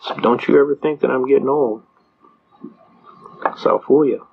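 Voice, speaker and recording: An older man with a mid-range, slightly rough voice and vocal fry gives a folksy, anecdotal seminar on constitutional rights to a live audience, telling stories and acting out quoted dialogue. He speaks at a moderate pace with fairly even intonation, and the recording is dull and lo-fi.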